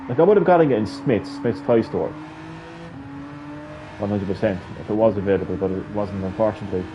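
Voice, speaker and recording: A tired Irish man rambles casually about games, his pitch rising and falling a lot as he talks. He swears freely and trails off often. The audio is slightly muffled and lo-fi, with faint car noise in the background. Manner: rambling, swears freely, mocking quoted voices. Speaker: gaming channel host.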